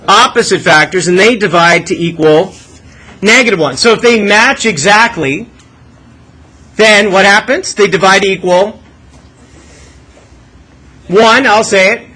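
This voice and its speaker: A man's voice: high voice, pushed and bright, rough recording. A male math teacher leading a classroom lesson, coaxing students with questions and asking them to think aloud.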